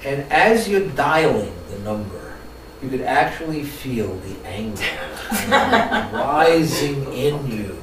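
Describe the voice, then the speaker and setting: A man of medium pitch speaks slowly as he leads a training workshop for a live audience. He brings his stories to life and keeps asking the room questions, recorded in an echoey space by a mic set far off.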